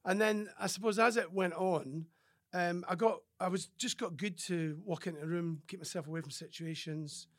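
A former rugby player from Scotland, appearing as a podcast guest, chats casually and tells stories, acting out other people's lines and often restarting sentences amid filler words. His voice sits high with a steady tone, at normal speed with few pauses.

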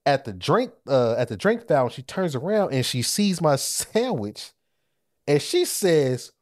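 Animated, lively-voiced podcast man. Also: on the high side, measured pace, no echo, studio quality. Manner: animated, profane, laughs while telling stories. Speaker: podcast co-host. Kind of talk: casual chat, storytelling.

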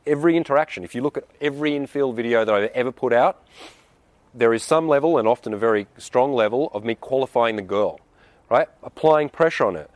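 Man, dating coach monologue, blunt and emphatic, mid-pitched voice, dry close sound. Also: fast talker, darkish tone, no echo. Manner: blunt, emphatic, swears freely. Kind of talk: advice monologue answering a viewer question.

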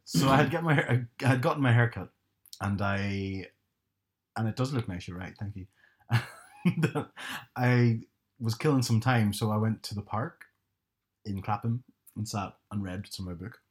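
A man's voice: fairly low pitch, unhurried, pauses often. A man chatting casually, telling rambling stories and correcting himself as he goes. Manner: rambling, self-correcting anecdotes. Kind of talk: casual chat.

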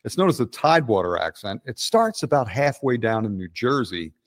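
A man's voice: medium pitch, big pitch swings, fairly quick, no room sound, clean studio sound. A man in his sixties with a Philadelphia accent, a guest in a casual interview, rambling bluntly and swearing often. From Delaware County, Pennsylvania. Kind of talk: casual profane conversation.

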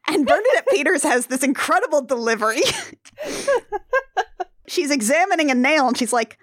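A high, lively woman talking casually about a musical. She bursts into laughter and jumps into the characters' voices as she goes. The sound is close and dry. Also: moderate pace, pauses often, no echo. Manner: laughs often, acts out characters' lines. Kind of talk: casual chat recapping a musical.

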